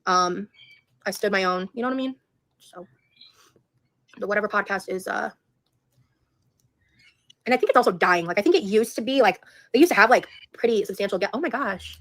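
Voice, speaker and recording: A woman talks to her stream in a loose, rambling way. She is blunt and swears freely. Her voice sits at a middling pitch for a woman. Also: lively intonation, brisk, long pauses, a bit bright. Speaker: livestreamer. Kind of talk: casual livestream chat.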